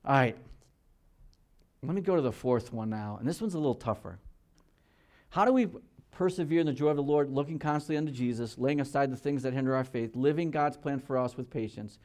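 A pastor in his sixties speaks at medium pitch and a moderate pace, giving an earnest, conversational sermon and checking in with his listeners. He swings between loud emphasis and quiet asides.

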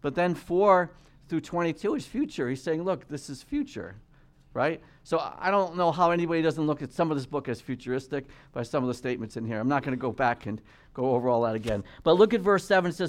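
A man's voice: a little high, animated. Man teaching scripture in church. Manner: reads scripture slowly and emphatically, then explains in casual asides. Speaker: pastor. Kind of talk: verse-by-verse Bible teaching.

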